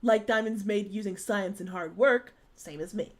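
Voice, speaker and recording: A woman's voice: medium pitch, moderate pace, background noise, lightly acted. A woman reading aloud as a confident, muscular woman superhero from a dating game, blunt and teasing. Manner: brash, teasing, easygoing.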